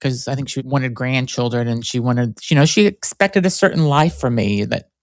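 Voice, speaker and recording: A man talks alone as host of his own podcast, circling through stories in a loose, rambling way and leaning on "like" as he goes. His voice sits at an ordinary pitch, with a clean, smooth tone. The sound is close and dry. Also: moderate pace, no room sound. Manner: rambling storyteller, frequent "like" fillers. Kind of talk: solo conversational podcast talk.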